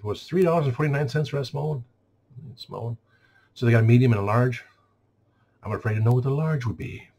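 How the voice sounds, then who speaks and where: Husky sarcastic man ranting. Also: medium pitch, a little mellow. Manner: sarcastic and exasperated, mimics customers. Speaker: store clerk venting. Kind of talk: casual rant.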